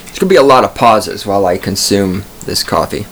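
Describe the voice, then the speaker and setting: A man's voice: on the low side, animated, a little fast, fairly bright tone, a little hiss or hum. A man hosting a podcast from a studio booth, telling stories in a profane, digressive, self-amused ramble. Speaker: podcast host. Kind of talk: rambling comic monologue.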